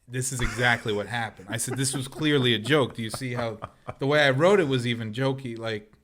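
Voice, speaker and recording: A man tells a story on a casual podcast. He is animated, slips into voices for the people he quotes, and breaks into laughter often. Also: mid-range voice, a little fast, a little hiss or hum. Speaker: podcast co-host.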